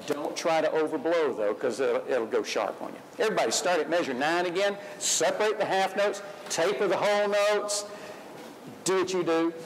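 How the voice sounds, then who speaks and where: A man's voice: on the high side, normal speed, a little hiss or hum, low-quality recording. A man leading a school band rehearsal, giving upbeat, encouraging instructions and singing the rhythms on syllables. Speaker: band clinician conducting a rehearsal.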